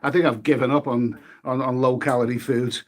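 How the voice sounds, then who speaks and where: A man speaks in a steady, mid-range voice, a little fast, and there's a little hiss or hum on the recording. He's chatting on a live stream, eating while he talks, reading viewer comments and names aloud, and swearing mildly.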